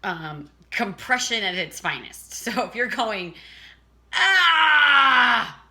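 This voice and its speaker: A woman's voice: medium pitch, animated, measured pace, pushed and bright. A woman teaching a casual singing lesson, chatting and breaking off to demonstrate vocal sounds.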